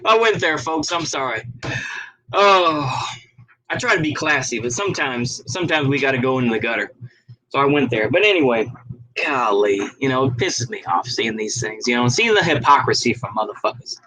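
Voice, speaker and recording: A man's voice: mid-range voice, animated, normal speed, pushed and bright, rough recording. A man video blogger in a casual, profane and heated rant, who stops to read articles aloud.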